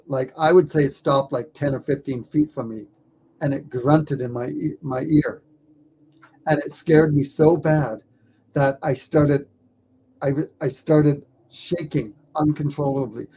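A man who is a documentary filmmaker, telling a story in an interview with lively stammers and repeated words. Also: fairly high pitch, husky.

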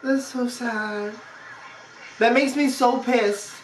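Woman vlogger, slow-paced and higher-voiced, exclamatory reaction chat in a roomy space with faint music. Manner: expressive, exclamatory, laughs often. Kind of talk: casual reaction commentary.

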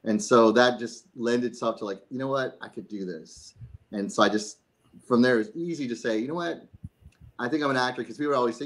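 A man's voice: medium pitch, a little fast, fairly bright tone, low-quality recording. A man being interviewed as a guest actor, chatty and self-joking, often laughing. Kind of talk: casual interview chat.

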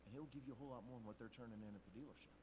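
A man preaching at a conference with lively storytelling, slipping into the voices of the people he quotes. He reads scripture in old-style wording, with a middling pitch and faint ambience behind him. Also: racing, background noise. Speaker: pastor. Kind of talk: sermon. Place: church conference hall.

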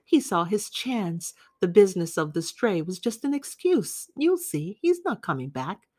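A woman reading the part of a lonely, clingy woman who pleads softly with a guest in an audiobook. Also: medium pitch, very animated, measured pace, no room sound, clean studio sound. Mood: pleading.

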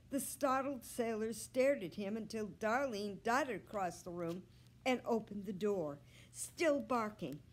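A librarian woman reading a children's book aloud with slow, expressive storytelling. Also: on the high side.

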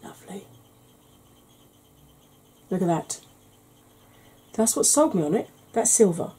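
A woman talks through an ASMR makeup tutorial in a soft, mellow voice, close to the mic. She is tired from lack of sleep. She chats and rambles with dry, self-mocking humour. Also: medium pitch, lively intonation, slow pace, husky, poor audio. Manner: chatty, rambling, wry humour. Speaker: beauty channel host.

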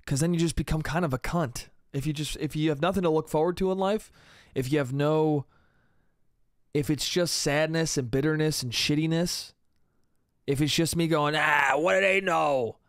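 Young male comic, solo podcast ramble, raised pitch, dead-dry close mic, loose and profane. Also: steady tone, normal speed, dry recording. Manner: rambling, casual, swears a lot, trails off with "I don't know". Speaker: podcast host. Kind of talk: solo comedic podcast monologue.

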